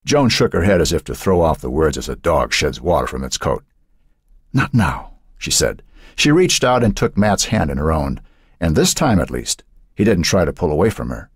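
Deep, husky male audiobook narrator. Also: big pitch swings, fairly quick, no echo, studio quality.

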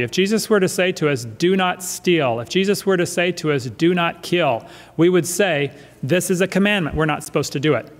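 Man preaching a sermon in a reverberant church. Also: a little high. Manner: emphatic preaching, repeating key phrases. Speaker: pastor. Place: church sanctuary.

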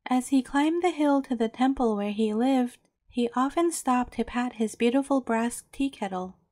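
A woman storyteller reading a bedtime fairy tale aloud in a gentle, measured way. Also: a little high, dry recording, clean studio sound.

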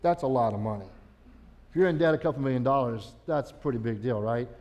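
A man's voice: mid-range voice, fast talker, darkish tone. Folksy, conversational man preaching in church. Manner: conversational storytelling, folksy asides. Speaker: children and family pastor. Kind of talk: sermon. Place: church sanctuary. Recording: long church reverb.

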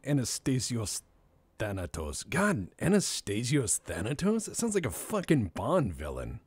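A man streams a game, chatting to himself and cracking jokes in loose, casual commentary. His voice is husky, and his pitch swings widely, from mumbles to sudden highs. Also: wildly swooping pitch, measured pace, darkish tone. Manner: joking, rambling, talks to himself.

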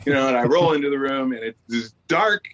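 A man in his forties, a podcast guest, telling a story in a lively, stand-up style and slipping into voices for the people in it. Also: medium pitch, brisk, a little hiss or hum. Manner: animated storyteller, jumps into voices for quoted people. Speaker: guest actor. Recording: slightly dull lo-fi audio.

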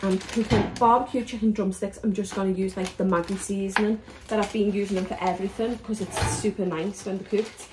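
A woman's voice: mid-range voice, fairly even intonation, fairly quick, few pauses. A woman talks through her cooking in a home kitchen. She is chatty and matter-of-fact, with plenty of fillers and a faint hiss in the background. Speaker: family vlogger. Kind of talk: casual vlog narration while cooking.

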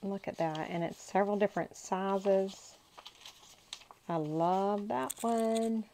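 Lady gushing over craft paper, talks real slow, little faint hiss behind her. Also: mid-range voice, dark tone, low-quality recording. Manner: gushing, talks to herself while handling paper. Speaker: crafting channel host. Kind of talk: casual unboxing chat.

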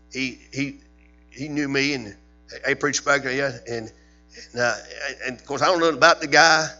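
A man's voice: mid-range voice, pushed and bright. A man preaching a Sunday evening sermon in a church, repeating his points and firing questions at the congregation, rising into fiery peaks. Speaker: Baptist preacher. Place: church sanctuary. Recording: dull lo-fi church recording with hum.

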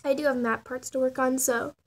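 A woman's voice: high-pitched, steady tone, brisk. A teenage girl casually narrating her animation process, rambling, laughing and mocking her own drawings. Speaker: channel owner showing her animation process. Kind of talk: casual self-mocking tutorial.

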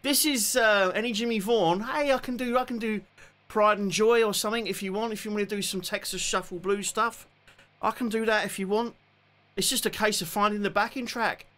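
A man's voice: high-pitched, steady tone, fairly quick, pushed and bright. A man in his forties with a London accent, chatting casually and joking as he hosts a live guitar stream. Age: 40s. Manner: joking, chatty, self-deprecating.

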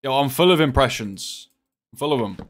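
A young man, chatting casually and joking while playing a game, often swearing and getting excited. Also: mid-range voice, a little fast. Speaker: gaming streamer.

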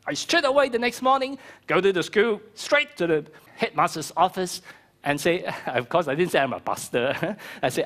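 A middle-aged male pastor preaching a sermon with a fairly high voice. He talks in an animated way and acts out the voices of the people he quotes. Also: moderate pace. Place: church hall.

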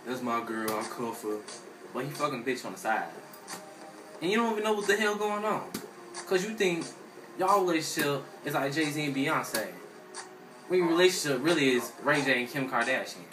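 A man's voice: a little high, moderate pace. Man ranting, roomy and distant. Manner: animated, acts out friends' voices, heavy slang and swearing. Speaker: comedic commentator. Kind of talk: profane comedic rant. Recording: roomy and distant from the mic, with music behind.

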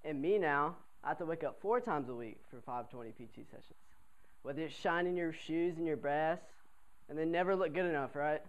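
A young man with a fairly high voice tells a funny story to a crowd of classmates. He talks in a lively, chatty way and keeps checking in with his listeners. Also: fairly quick, lo-fi sound. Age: young adult. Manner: animated, chatty, asks the crowd for replies. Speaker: college cadet telling a story. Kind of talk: comic storytelling to an audience.

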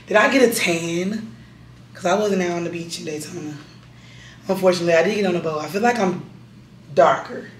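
A young woman vlogger with a raspy, strained voice, chatting casually to her viewers at home and calling them y'all. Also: lowish voice, brisk, pauses often, a little hiss or hum. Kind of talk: casual chat to camera. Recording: roomy echo.

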